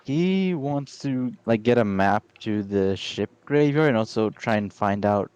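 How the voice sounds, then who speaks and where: A man playing in a tabletop game, explaining things in a hesitant, halting way. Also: lowish voice, animated, a little mellow, smooth, dry recording. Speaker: player. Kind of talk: casual chat in a tabletop game.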